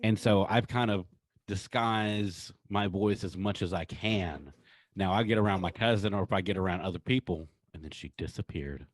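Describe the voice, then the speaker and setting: A man with a lowish voice hosts a casual podcast chat. He rambles through stories with easy laughter, and the sound is dry with no room echo. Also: moderate pace.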